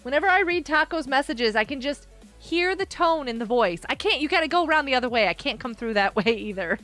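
A woman's voice: sits high, lively intonation, fast, a bit bright, faint music behind. A woman live-streaming a game, chatting and giggling often while answering her chat.

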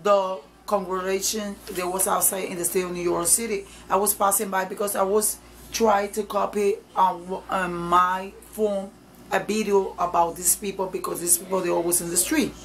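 A woman's voice: mid-range voice, flat delivery, normal speed, slight background noise, low-quality recording. A woman evangelist preaching informally to camera, emphatic and repetitive, in nonstandard English.

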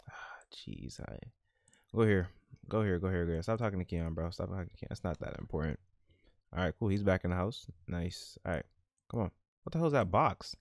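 Low-voiced, slangy male gaming host. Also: brisk, vocal fry, no echo, clean studio sound. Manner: animated, slangy, laughs at his own jokes. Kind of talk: casual let's-play commentary.

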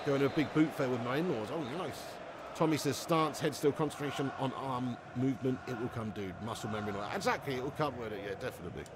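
A man doing live commentary on his game stream, excitable, yelling at plays and chatting with viewers. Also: medium pitch, quick pace, very noisy.

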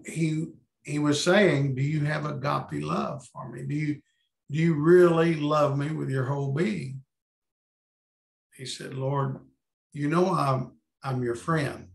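A man's voice: mid-range voice, creaky, roomy sound. A man leading a Bible study over a video call, thinking aloud as he reads and paraphrases scripture.

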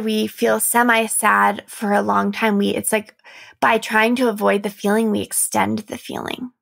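A young adult woman hosting a reflective solo podcast as a coach, speaking softly and earnestly with light laughs. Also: mid-range voice, gravelly.

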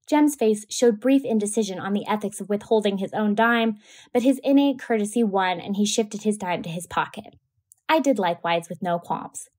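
A woman teacher reading a novel aloud to a class with a steady, clear delivery. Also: medium pitch, moderate pace.

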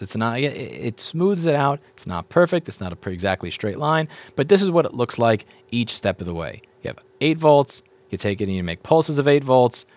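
A man teaching board repair in a casual walkthrough, explaining step by step, repeating points and asking viewers questions as he goes. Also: mid-range voice.

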